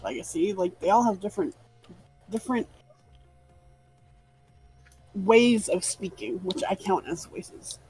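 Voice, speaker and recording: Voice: medium pitch, a little slow, long pauses, darkish tone, husky, soft background music, rough recording. A tabletop player chatting casually with the group, earnest and reassuring. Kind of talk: casual chat between tabletop sessions.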